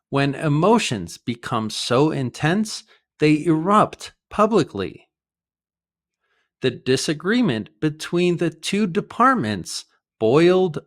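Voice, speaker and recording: An American man teaching English idioms in a clear, deliberate way, with short acted example dialogues. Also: on the high side. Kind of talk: vocabulary lesson with acted dialogues.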